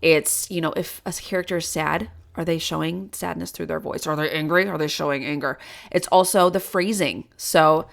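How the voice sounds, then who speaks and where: An enthusiastic woman teaching parents, with a fairly low voice. She explains with everyday examples and a friendly, upbeat energy. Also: steady tone, moderate pace, creaky.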